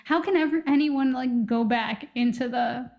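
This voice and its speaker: A woman co-hosting a casual podcast, thinking out loud in long, rambling turns. Her voice sits a little high. Light laughs come through as she talks. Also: normal speed, gravelly, lo-fi sound. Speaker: podcast co-host. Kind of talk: casual chat.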